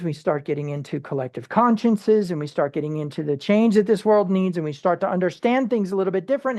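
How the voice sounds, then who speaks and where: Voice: mid-range voice, darkish tone. Conversational Bible study teacher. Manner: conversational, with rhetorical questions and quick restarts; acts out everyday people in short quoted asides.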